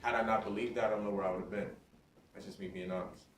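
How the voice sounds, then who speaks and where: Low-voiced man speaking to students from afar. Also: quick pace. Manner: energetic, checks in with the crowd. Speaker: motivational speaker. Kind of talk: motivational talk to students. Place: school assembly hall. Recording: roomy and distant, faint noise.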